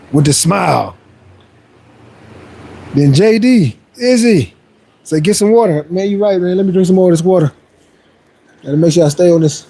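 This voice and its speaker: A man's voice: high-pitched, mellow, slightly rough. Upbeat man reading chat on a fitness stream. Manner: upbeat, motivational, chatty with viewers; playful boasting with laughs. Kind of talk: casual livestream chat, reading viewer messages aloud.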